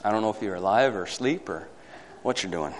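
A man preaching a sermon to a congregation, swinging from loud emphatic peaks to quiet asides and asking the listeners for amens. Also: on the low side, expressive, a little fast. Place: hall or church. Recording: long hall reverb.

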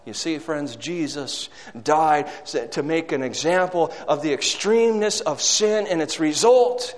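A man's voice: sits high, long reverb tail. A man preaching a sermon with dramatic delivery, acting out quoted words and asking the congregation rhetorical questions.

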